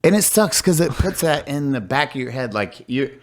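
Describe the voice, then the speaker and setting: A man's voice: mid-range voice, lively intonation, normal speed. A man hosting a casual podcast, telling stories animatedly, acting out the voices of others, and swearing freely. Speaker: podcast host.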